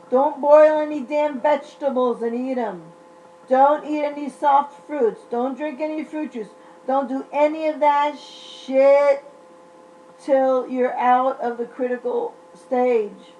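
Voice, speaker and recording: A woman's voice: on the high side, mellow, a little hiss or hum, poor audio. A woman vlogging, unwell during a flare-up, venting in a blunt, profane, exasperated rant. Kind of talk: ranting vlog.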